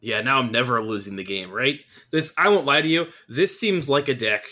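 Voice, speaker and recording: A man's voice: medium pitch, fairly quick, pushed and bright. A man co-hosting a casual podcast, chatty and often asking "you know what I'm saying". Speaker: podcast co-host. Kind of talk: casual chat.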